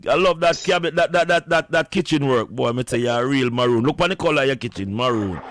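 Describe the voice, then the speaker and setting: A man's voice: medium pitch, fast, fairly bright tone. A man hosting an impassioned call-in radio show, preachy and fervent, often repeating words as he gets worked up.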